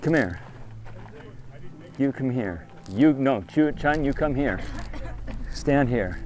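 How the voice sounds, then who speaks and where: Outdoors with a group of kids, a trip leader delivers a stern lecture full of repeated questions and orders. His voice is a little high and a little mellow.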